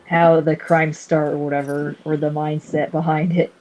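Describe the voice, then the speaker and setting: A woman's voice: low voice, flat delivery, normal speed, darkish tone, a little hiss or hum, low-quality recording. A woman in a casual group chat who throws in sarcastic quips.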